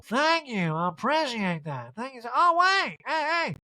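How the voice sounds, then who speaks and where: A woman doing a comic impression of a self-pitying reality-star diva with a slow, teary, whiny drawl. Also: sits high, sing-song, sharp tone, no room sound, pitched above the performer's own voice, heavily acted, rough recording.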